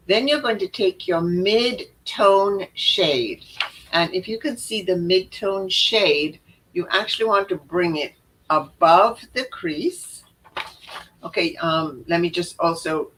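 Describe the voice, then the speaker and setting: A woman's voice: on the low side, bright, forceful tone, a little hiss or hum, low-quality recording. A woman giving a chatty makeup lesson, showing steps on camera and often repeating or correcting herself. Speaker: makeup instructor. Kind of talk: live makeup tutorial.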